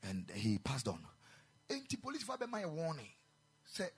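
A man with a Ghanaian accent preaching a sermon in a chapel, mixing English and Twi, building to loud emphatic peaks. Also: on the high side, wildly swooping pitch, normal speed, long pauses, husky. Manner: switches between English and Twi, rising to shouted emphasis.

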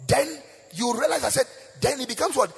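Male preacher, gravelly, wildly swinging pitch, call-and-response questions, long hall reverb. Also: lively intonation, a little fast. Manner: chanting sing-song delivery, rising to shouts; bursts of praying in tongues. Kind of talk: sermon. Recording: echoey hall with faint music.

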